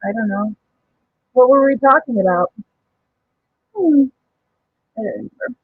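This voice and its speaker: A woman's voice: fairly high pitch, lively intonation, measured pace, phone-quality sound, slight background noise. A woman hosting a crafting live stream, chatting casually, reading viewer comments aloud and laughing often. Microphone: home microphone.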